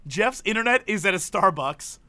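A man co-hosting a podcast who reacts with excitement and disbelief and keeps cutting in with questions. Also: high voice, normal speed. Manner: excitable, interrupting, incredulous reactions. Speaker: podcast co-host. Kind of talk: casual banter.

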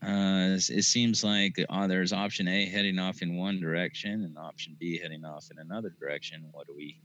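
A man with a very low voice talks through spiritual ideas on a podcast. He sounds thoughtful and unhurried, pausing often on fillers as he works through each point. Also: steady tone, fairly bright tone, lo-fi sound, slight background noise. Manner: thoughtful, halting with many fillers. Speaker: podcast guest on mysticism. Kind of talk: casual spiritual discussion.

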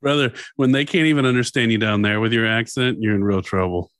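Low-voiced man with teasing banter. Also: fast talker, fairly bright tone, no room sound, clean studio sound. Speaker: podcast co-host. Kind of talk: casual chat.

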